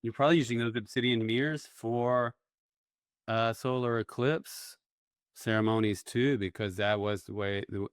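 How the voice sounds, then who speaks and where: A man's voice: mid-range voice, moderate pace, smooth, no echo, studio quality. A man co-hosting a podcast, chiming in relaxedly in casual chat. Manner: relaxed, chimes in with short agreements. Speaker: podcast co-host.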